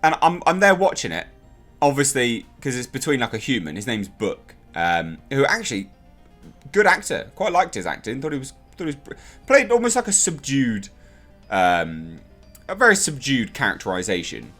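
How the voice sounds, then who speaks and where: A young man giving a casual, exasperated spoken review of a TV episode, ranting in an animated way. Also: medium pitch, moderate pace, faint music behind.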